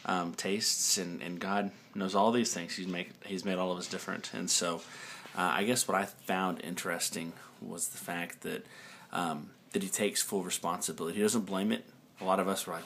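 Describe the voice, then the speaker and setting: A man's voice: low voice, steady tone, normal speed, vocal fry, fairly bright tone, breathy edge. A man talking to his camera about a Bible passage in a loose, rambling way, with lots of ums and restarts. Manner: rambling, many fillers and restarts. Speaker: video blogger discussing a Bible passage. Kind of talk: casual talk to camera. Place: indoors, dim room. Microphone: camera mic, looking at camera.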